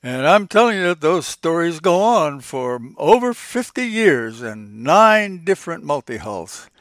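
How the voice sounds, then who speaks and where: A man's voice: on the high side, sing-song, a little slow, a bit bright, no room sound, studio quality. An older man hosting a podcast, telling old stories in a folksy, reminiscing way and chuckling often as he goes. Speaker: podcast host. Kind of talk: casual reminiscing storytelling.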